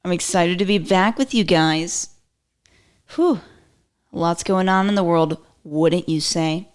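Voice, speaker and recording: A woman hosts her own podcast in a loose, rambling commentary, full of "like"s and self-corrections. Her voice sits a little low for a woman. She jumps between playful asides and mock-indignant quotes. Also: slow, clear, resonant tone. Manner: chatty, rambling, self-interrupting with lots of "like". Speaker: podcast host. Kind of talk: casual solo commentary.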